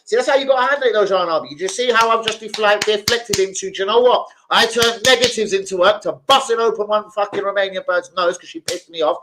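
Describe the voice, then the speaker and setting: A man's voice: high voice, quick pace, hardly any pauses, background noise. Crude, swearing man streaming. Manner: crude, swearing, animated storytelling. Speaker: live stream host. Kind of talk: casual live stream chat.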